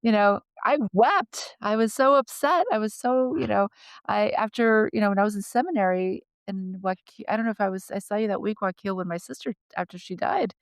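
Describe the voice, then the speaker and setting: A woman co-hosting a casual conversation, telling personal stories with lively restarts and laughter. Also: medium pitch, brisk, clear, resonant tone, no echo, studio quality. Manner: animated storyteller, frequent restarts and laughter. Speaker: podcast co-host.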